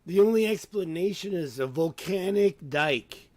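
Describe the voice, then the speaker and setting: A hoarse man who has nearly lost his voice, hosting a casual video, rambling and exclaiming with rhetorical questions as he looks at maps. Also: high voice, expressive, measured pace, darkish tone, dry recording, clean studio sound. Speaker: video host. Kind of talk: casual commentary over maps.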